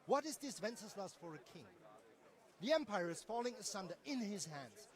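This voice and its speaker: An actor playing a stubborn German villager who lectures others with haughty confidence. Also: male voice, high-pitched, sing-song, normal speed. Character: stubborn German villager defending a rival king.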